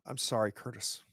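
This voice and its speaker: Slow-paced male game master narrating. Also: fairly bright tone, no echo, clean studio sound. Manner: unhurried, descriptive, acts out gestures. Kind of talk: narrating a tabletop horror game.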